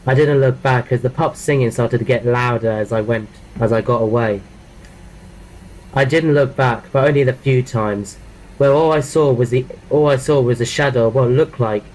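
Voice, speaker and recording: A man's voice: mid-range voice, a little mellow, poor audio. A man narrating a horror story in the first person, reading plainly with frequent restarts and repeated words.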